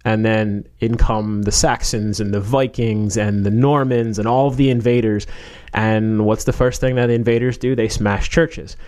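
A man's voice: lowish voice, fairly even intonation, normal speed, few pauses, darkish tone. Rambling man telling a history story. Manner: rambling storyteller, many fillers and restarts, joking asides. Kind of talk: casual chat.

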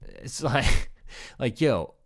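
A man's voice: lowish voice, animated, moderate pace, a little mellow. A young adult man hosting a solo comedy podcast, rambling and swearing as he riffs on absurd hypotheticals and slips in voices of made-up people. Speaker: podcast host.

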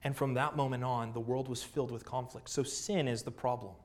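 A man's voice: medium pitch, steady tone, brisk, darkish tone. A man preaching a sermon as pastor, earnest, with rhetorical questions and repeated phrases.

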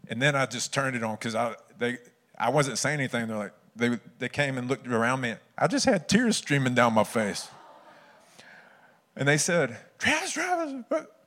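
A man's voice: mid-range voice, moderate pace, fairly bright tone. A man, preaching a sermon in an earnest, conversational storytelling way.

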